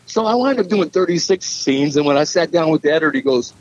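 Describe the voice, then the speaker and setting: A man's voice: fairly high pitch, lively intonation, fast talker, dull audio. A man, a musician and filmmaker, telling rambling stories in casual chat and acting out what people said. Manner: rambling storyteller, acts out quotes.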